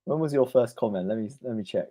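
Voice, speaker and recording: A man's voice: mid-range voice, fast talker, warm tone. A man giving live play-by-play of a tennis match on a stream, calling each shot in turn and answering chat comments between points.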